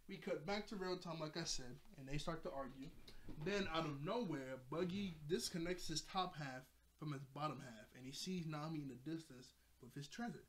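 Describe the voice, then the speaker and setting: A man casually recapping an anime episode, rambling, laughing often and correcting himself mid-sentence. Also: on the high side. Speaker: anime reviewer.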